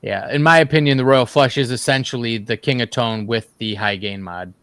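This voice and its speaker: A man's voice: medium pitch, steady tone, a little fast, fairly bright tone, smooth, no room sound. A man who plays guitar in a band, a guest in a casual gear chat who tells rambling, easygoing stories. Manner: easygoing, rambling storyteller with fillers.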